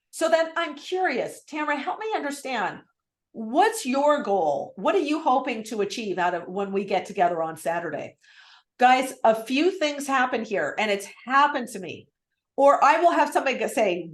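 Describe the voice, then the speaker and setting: A woman sales coach teaching on a live video call, lively and acting out phone script lines. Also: fairly high pitch, moderate pace, echoey room. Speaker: real estate sales coach.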